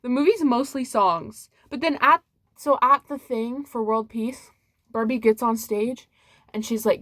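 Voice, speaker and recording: A bubbly young woman talks casually, giggling often and saying "like" a lot. Her voice sits a bit high. The sound is dry and close, with no room around it. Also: expressive, moderate pace, dry recording. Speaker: vlogger reviewing movies. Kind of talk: casual chat.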